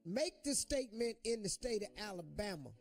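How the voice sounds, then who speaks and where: A man's voice: high-pitched, sing-song, normal speed, gravelly, a little mellow, faint music behind. A middle-aged man, hosting a morning radio show and delivering impassioned, preachy commentary.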